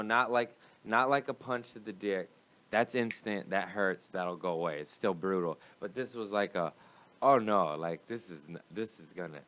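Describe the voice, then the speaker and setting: Young comedian guy, low smooth voice, rambling cussy story on a podcast. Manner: rambling, profane, animated storyteller. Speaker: comedian guest. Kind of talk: casual storytelling chat.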